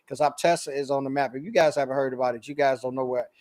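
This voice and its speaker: A man with a Chicago accent hosting a casual business talk show, animated and slangy, laughing often. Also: medium pitch, quick pace, no room sound. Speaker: podcast host. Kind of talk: casual chat.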